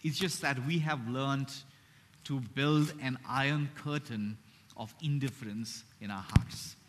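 A man preaching a sermon, earnest, slowing down and dropping to a hush on key phrases. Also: mid-range voice, fairly even intonation, a little hiss or hum. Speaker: pastor.

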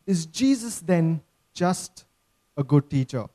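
A man's voice: fairly high pitch, expressive, slow, mellow. A man preaching a sermon, earnest and emphatic, often checking in with his listeners.

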